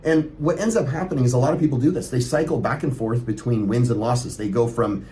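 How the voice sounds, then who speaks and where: A man's voice: mid-range voice, brisk, slight background noise. A middle-aged man, a motivational coach, preaching bluntly in an unscripted vlog monologue and swearing freely. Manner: blunt, profane, forceful preaching.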